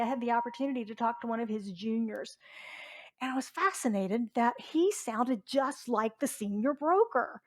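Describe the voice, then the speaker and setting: A middle-aged woman from Southwest Virginia, preaching a chatty sermon as a reverend and asking the congregation questions. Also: fairly high pitch. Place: church sanctuary.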